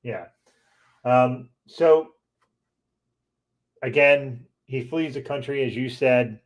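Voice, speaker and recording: A man's voice: medium pitch, takes it slowly. Male co-host, loose profane banter, mid-range voice, laughs easily. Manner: animated, swears freely, laughs while telling. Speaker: podcast co-host. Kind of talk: casual chat.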